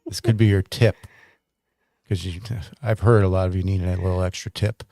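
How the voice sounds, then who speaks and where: A man's voice: sits low, moderate pace, gravelly, dry recording, studio quality. A man co-hosting a casual chat show, teasing and cracking jokes. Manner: jokey, animated, teasing. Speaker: podcast co-host.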